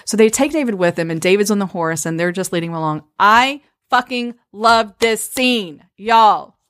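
A woman in casual chat, eagerly recapping a romance novel in quick bursts and speaking straight to the listeners. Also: mid-range voice, animated, a bit bright. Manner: enthusiastic, quick bursts, addresses listeners directly. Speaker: book discussion co-host.

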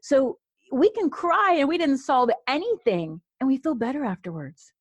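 Woman coach chatting away on a podcast, lively and laughing a lot, dry close mic. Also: sits high, normal speed, no room sound. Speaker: guest coach. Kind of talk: casual podcast interview.

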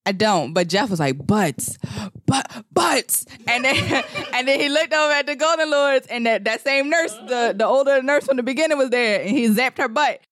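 A man's voice: extremely high pitch, lively intonation, fairly quick, hardly any pauses, fairly bright tone, dry recording. A man co-hosting a podcast, casually retelling a film's plot in a rambling way and acting out characters' lines. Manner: rambling storyteller, acts out lines. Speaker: podcast co-host. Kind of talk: casual movie recap.

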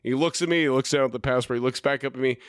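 A man's voice: medium pitch, very fast, clear, resonant tone, no room sound, studio quality. A man telling a long story in casual chat, profane and self-deprecating, often stopping and restarting his sentences. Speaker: podcast co-host.

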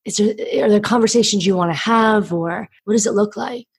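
A woman interviewer asks questions warmly and casually, with animated, empathetic reactions. Her voice carries a slightly husky, breathy quality. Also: mid-range voice, a little fast. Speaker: interviewer host.

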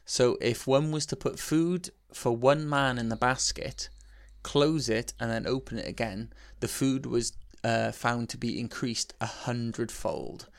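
A man's voice: mid-range voice, measured pace, creaky, hardly any pauses, no room sound. A young Welsh man co-hosting a podcast, chatting casually with a mate, sweary and laughing often. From Wales. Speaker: podcast co-host. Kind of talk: casual chat.

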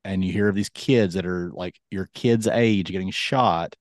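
A man's voice: low-pitched, normal speed, dry recording, studio quality. A man in his thirties co-hosting a casual podcast, talking earnestly and dropping his voice when serious. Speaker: podcast co-host. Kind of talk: casual chat.

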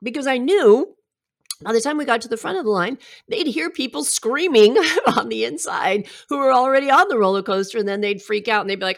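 A woman's voice: fairly high pitch, lively intonation, fairly quick. A middle-aged woman giving a heartfelt, reflective personal talk and telling stories with asides. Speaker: self-help speaker.

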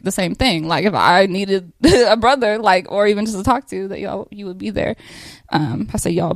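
Woman, AAVE speaker, emotional family tribute, halting and teary with nervous laughs, close dry recording. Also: mid-range voice, no echo. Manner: tearful, laughing through emotion, many fillers. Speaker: family member giving a thank-you speech. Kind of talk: emotional casual speech.

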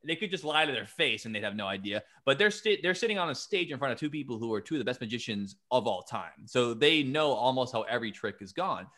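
A man hosting a podcast, chatting casually and excitably, and swearing freely. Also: medium pitch, fast talker, hardly any pauses. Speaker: podcast host. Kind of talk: casual chat.

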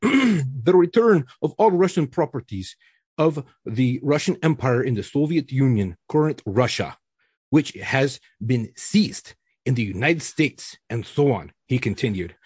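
A man's voice: medium pitch, expressive, a little slow, a little mellow, husky, no room sound, clean studio sound. A man co-hosting a podcast in casual chat, reading news items aloud and joking bluntly. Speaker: podcast co-host.

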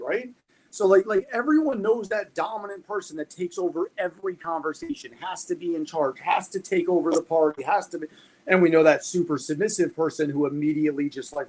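A man talks dog training in a loose, animated podcast chat, swearing freely and leaning on everyday comparisons. His voice sits a touch high for a man. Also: fairly quick, rough recording.

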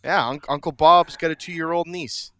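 A man's voice: fairly high pitch, normal speed, sharp tone. A middle-aged man co-hosting a podcast in casual chat, cracking dad jokes and laughing at them. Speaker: podcast co-host.

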